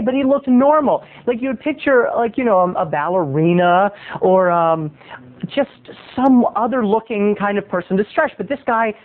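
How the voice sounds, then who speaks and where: A man, a video blogger, telling a story in a chatty, animated monologue from his bed at home. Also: high voice. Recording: tinny phone-like sound.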